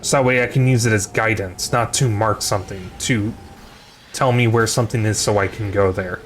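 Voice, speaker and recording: A man's voice: lowish voice, steady tone, fairly quick, slight background noise. A sleepy man streaming a video game, rambling and muttering to himself with frequent restarts. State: sleepy, yawning. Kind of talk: casual gaming commentary.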